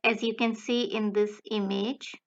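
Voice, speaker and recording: A woman language tutor giving a slow, deliberate step-by-step explanation of pronunciation. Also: mid-range voice, little pitch movement, creaky, lo-fi sound. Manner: slow, deliberate, breaks words into careful phrases.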